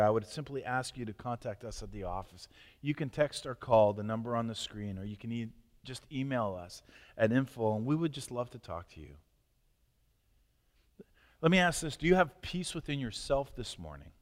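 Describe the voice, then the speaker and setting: An earnest male pastor delivers a sermon and a closing prayer, his voice sitting at an ordinary middle pitch. He often eases down into a hushed, soft-spoken murmur. A long reverb trails each phrase, as in a large church hall.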